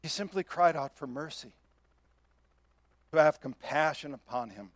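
A man's voice: on the high side, a little slow, no room sound. A man preaching a sermon as pastor, earnest and emphatic, often asking his listeners questions.

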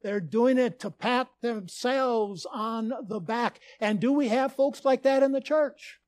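A male pastor from Minnesota delivers a sermon in an earnest storytelling manner with dramatic emphasis. His voice is high and his pace deliberate and slow. The recording is dry and close, with no room sound. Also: no room sound. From Minnesota, USA.

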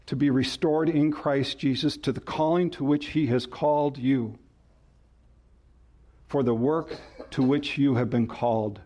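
A man's voice: medium pitch, darkish tone. A male pastor preaching a sermon, rising and falling sharply for emphasis and asking the congregation questions.

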